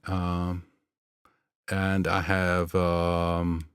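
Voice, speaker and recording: A man's voice: sits low, completely flat delivery, extremely slow, smooth, no echo, studio quality. A man from the southern Netherlands with a Dutch accent and Limburgish as his first language, hosting a live stream in a rambling, chatty way with many fillers. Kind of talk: casual live stream chat.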